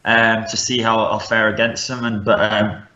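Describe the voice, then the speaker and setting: Man with a soft Midlands accent. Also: fairly low pitch, little pitch movement, normal speed. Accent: Midlands English. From English Midlands. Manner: laid-back, many fillers and restarts. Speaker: MMA fighter, guest. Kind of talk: casual podcast interview. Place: rural home in northern Scotland. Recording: echoey room, dull lo-fi sound.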